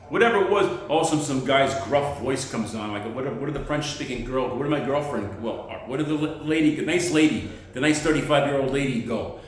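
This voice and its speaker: A man doing a rambling, self-deprecating stand-up monologue as an amateur comedian. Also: mid-range voice. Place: outdoors on a pile of dirt. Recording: very echoey spot.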